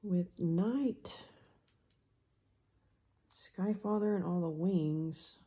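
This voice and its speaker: A woman reading tarot cards for her viewers in a low, mellow voice. She takes her time, musing aloud and often drifting into soft murmurs. Her pitch sits on the low side. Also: very slow. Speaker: tarot card reader. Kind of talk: pick-a-card tarot reading.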